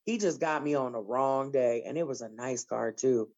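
A woman telling stories in casual group chat, blunt and profane, with lively bursts. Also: rumbling low, moderate pace. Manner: blunt, profane, animated storyteller. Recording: slightly dull lo-fi sound.

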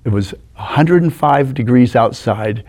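A man in his sixties telling animated stories as a guest in a studio interview, acting out the people in them. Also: medium pitch, unhurried. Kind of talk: anecdotal storytelling.

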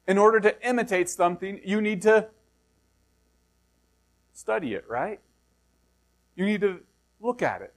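A man's voice: sits high, lively intonation, normal speed. A middle-aged man from the United States preaching a sermon in a conversational way, asking rhetorical questions. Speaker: pastor.

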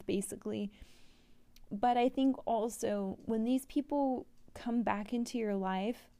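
A woman hosting a podcast, giving a gentle oracle card reading and slowly repeating mantras and journal prompts. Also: medium pitch, smooth. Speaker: podcast host, tarot reader.

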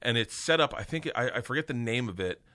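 A middle-aged male comedian tells a wild story as a podcast guest. He is loud and animated and swears freely. His voice is forceful and bright, and his pitch sits at an ordinary male level. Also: fast talker. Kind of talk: comic storytelling.

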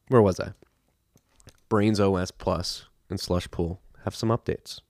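A man with a very low voice that barely rises or falls reads sponsor spots in a loose, offhand manner, stopping to spell out web addresses. The sound is dry and close, with no room around it. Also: fairly even intonation, a little slow, a little mellow, dry recording. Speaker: podcast host reading sponsor ads. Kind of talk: casual ad read.

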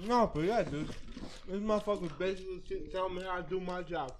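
A man with a high voice tells a crude story among friends, cursing constantly and slipping into quoted voices. A faint hiss sits under him. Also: a little fast. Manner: profane, storytelling with laughing impressions. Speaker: podcast co-host. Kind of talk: crude casual banter.

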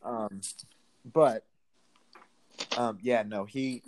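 A man's voice: mid-range voice, fairly even intonation, extremely slow, darkish tone, slight background noise. A man telling a rambling story in casual chat, full of fillers and restarts.

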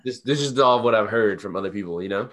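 Male podcast co-host, low voice, easygoing and agreeable. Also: fast, a bit bright. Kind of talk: casual chat.

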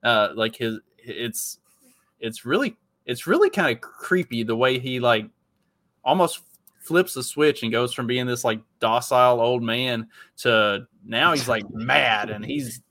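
A man's voice: medium pitch, lively intonation, measured pace, bright, forceful tone, no room sound. Rambling man co-hosting a podcast. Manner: rambling, filler-heavy. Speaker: podcast co-host. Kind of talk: casual political commentary.

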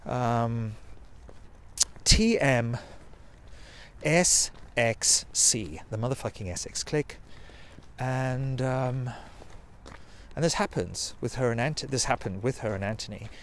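A man's voice: mid-range voice, slow, pauses often, slight background noise. A man, telling a rambling personal story in a sweary, self-mocking way. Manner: sweary, self-mocking, digressive, with quoted put-on voices.

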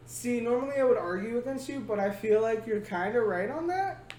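A man's voice: extremely high pitch, animated, fairly quick, darkish tone. A man hosting a casual podcast chat, joking and laughing often as he rambles. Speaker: podcast host. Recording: echoey room, faint noise.

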